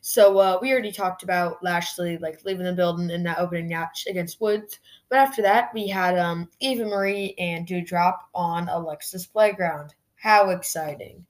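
A woman's voice: lowish voice, moderate pace. A woman hosting a podcast, casually reviewing a wrestling show in a chatty way, full of "like" fillers. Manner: chatty, heavy use of "like" fillers. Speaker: podcast host.

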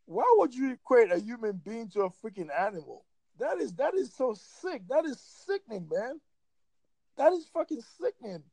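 High-pitched gravelly man ranting profanely. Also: big pitch swings, moderate pace, a little mellow, no echo, low-quality recording. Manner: heated, profane, emphatic ranting. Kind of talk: casual opinionated chat.

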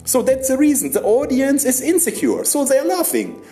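A young man, a stand-up comedian, giving a rambling comic monologue in halting non-native English, laughing between lines and often tagging "yeah?". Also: very high voice, huge pitch swings, warm tone, faint music behind.

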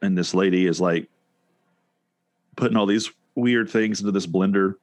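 A man's voice: low voice, moderate pace, a little mellow, no room sound, studio quality. A man co-hosting a casual chat show, talking in a rambling way with many restarts and fillers. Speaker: podcast co-host.

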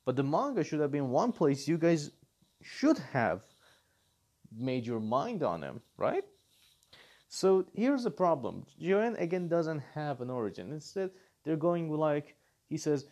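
Animated, ranting man with a higher voice. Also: measured pace. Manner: animated, incredulous, ranting with frequent rhetorical questions. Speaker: anime and manga commentator. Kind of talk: casual reaction commentary.

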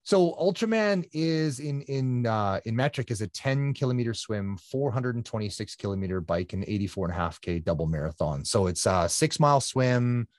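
A man, a guest telling his story in a casual interview with animated energy and quick restarts. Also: medium pitch, dry recording, studio quality. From Canada. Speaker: guest, triathlete.

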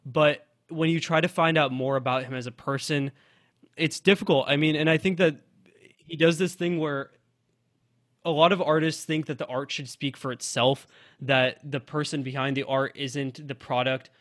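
A man who is a college radio sports director co-hosts the station's podcast, chatting loosely about music with lots of fillers and restarts. His voice is a little high, steady, normal in speed, and fairly bright, with studio quality and no echo.

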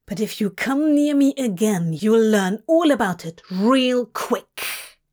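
A woman's voice: on the high side, lively intonation, slow, darkish tone. A woman voicing a hot-tempered male demon who snaps and swears at the angel in a fanfic audiobook. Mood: threatening. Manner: snapping, swearing, defensive.

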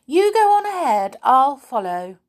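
A woman's voice: high-pitched, very animated, measured pace, pitched above the performer's own voice. A woman voicing a nosy, sulky little girl in a storybook reading. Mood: sly.

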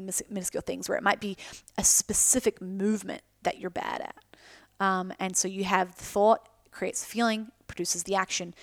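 A woman's voice: fairly high pitch, gravelly, no room sound, studio quality. A woman hosting a solo podcast, talking candidly and casually, swearing freely and slipping in self-mocking asides. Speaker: podcast host.

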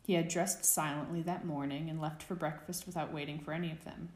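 A woman narrating a fan fiction audiobook with a steady, expressive reading. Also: low-pitched, brisk, echoey room.

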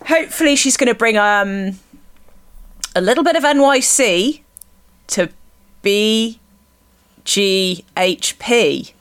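A woman hosting a podcast in casual chat, self-deprecating and quick to laugh. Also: medium pitch, lively intonation, fairly bright tone, clear, resonant tone. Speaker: podcast host.

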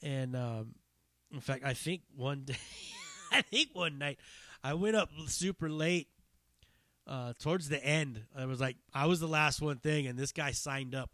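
A man's voice: medium pitch, pushed and bright, no echo, clean studio sound. A man hosting his own podcast, a stand-up comic telling a long, loose, profane story with fillers and restarts. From Northern California. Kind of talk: casual rambling storytelling.

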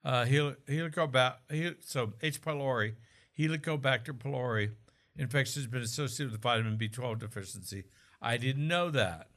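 A man's voice: medium pitch, normal speed, fairly bright tone. A man from Oklahoma talking casually about health as a co-host, explaining with asides and jokes. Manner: chatty, explanatory, jokes and restarts.

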